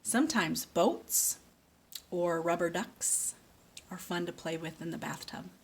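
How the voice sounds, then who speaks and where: A woman reading a picture book aloud slowly and patiently, stopping to ask a child questions. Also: on the low side, breathy edge. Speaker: speech therapist.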